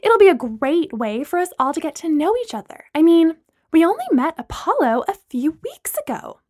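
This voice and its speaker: Figure: woman voicing a sly young hostess. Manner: sweetly mischievous, bright, lively swoops. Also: extremely high pitch, moderate pace, voice pushed up. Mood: sly cheer. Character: scheming, theatrical young woman hosting friends.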